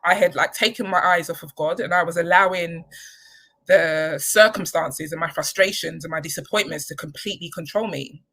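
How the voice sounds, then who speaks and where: Woman, candid personal talk, low-pitched, bright tone, reflective, hesitant ums. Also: moderate pace, low-quality recording. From United Kingdom. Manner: candid and reflective, many ums, emotional at times. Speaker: charity chief executive.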